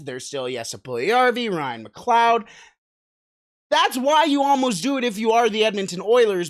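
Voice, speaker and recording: A man hosting a casual solo hockey podcast, talking conversationally, asking listeners questions and shifting about in his seat as he talks. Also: high voice.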